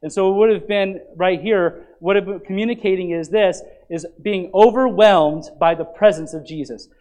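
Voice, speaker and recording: A man's voice: high voice, normal speed, low-quality recording. A man preaching a sermon as pastor, explaining scripture and asking the listeners questions. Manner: animated preaching, asks the congregation questions.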